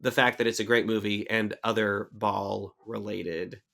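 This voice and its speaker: A man's voice: fairly low pitch, flat delivery, unhurried, vocal fry, fairly bright tone. A young man co-hosting a podcast, chatting casually and jokingly about a movie. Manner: joking, loose and irreverent. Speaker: podcast co-host.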